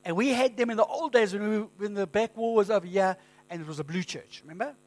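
A man preaching a sermon as pastor, in a conversational storytelling manner with lively quoted asides. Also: high voice, fast. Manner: conversational storytelling, animated quoting.

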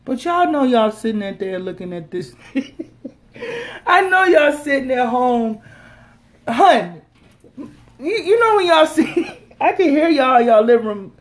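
A woman hosts a casual solo podcast from home, her voice sitting a little high. She riffs in loose slang and teases her listeners. She laughs often as she goes. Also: big pitch swings, measured pace, pauses often. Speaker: podcast host.

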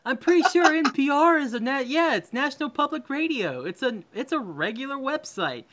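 Animated, bright-voiced podcast co-host. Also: high-pitched, fairly quick. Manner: profane, incredulous, laughs often; reads a news article aloud. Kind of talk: casual comedic chat.

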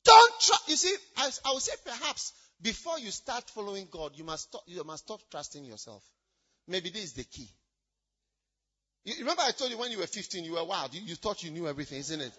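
A man preaching a sermon in a church, shouting out points and then dropping low. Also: very animated, brisk, slightly rough, dull audio. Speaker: pastor.

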